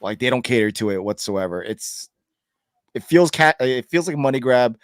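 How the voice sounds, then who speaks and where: A man from Southern California speaking as an easygoing, teasing guest on a casual podcast. His pitch is middle-range, and the sound is dry and close. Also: lively intonation, normal speed, no room sound. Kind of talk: casual chat.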